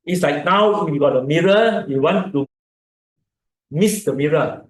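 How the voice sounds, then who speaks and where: Here the Malaysian English speaker talks slowly in a voice on the high side. It's an informal health lecture recorded in an echoey lecture hall, with him explaining, repeating words and showing how to breathe.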